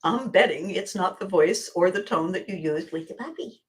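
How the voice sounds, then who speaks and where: A woman hosting a podcast, telling stories in an animated way, acting out quoted voices and dropping to quiet asides. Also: lowish voice, moderate pace, few pauses. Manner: laughs often, drops to quiet asides. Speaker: podcast host and coach. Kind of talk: storytelling monologue.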